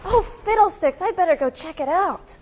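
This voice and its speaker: A woman's voice: very high voice, animated, moderate pace, darkish tone, slight background noise. A woman playing a sassy horror show hostess with a folksy manner in a campy comedy sketch.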